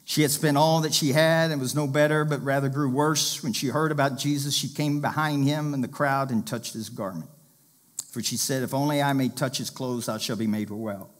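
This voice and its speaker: A man's voice: medium pitch, fairly even intonation, moderate pace. A male pastor preaching a sermon, reading scripture aloud and urging listeners to pay attention.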